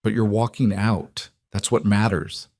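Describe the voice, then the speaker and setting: A man voicing a sharp, urgent woman combat trainer in an audio crime story, giving warnings. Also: on the low side, little pitch movement, unhurried, no room sound, clean studio sound.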